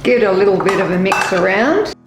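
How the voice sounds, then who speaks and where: A woman's voice: mid-range voice, animated, fairly quick, roomy sound, heavy background noise. An Australian woman chatting playfully through a casual taste-test vlog while cooking at home. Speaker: food vlogger. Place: home kitchen.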